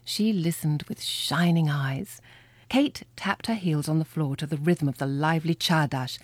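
A woman reading a children's storybook aloud with lively, expressive storytelling. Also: deep voice, a little slow, slightly rough, no room sound. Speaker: reader. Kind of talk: storybook read-aloud narration.

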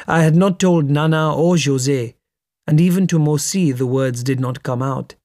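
A man reading a memoir aloud in a measured, steady storytelling manner. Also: mid-range voice, no room sound, clean studio sound. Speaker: narrator. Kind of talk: memoir audiobook narration.

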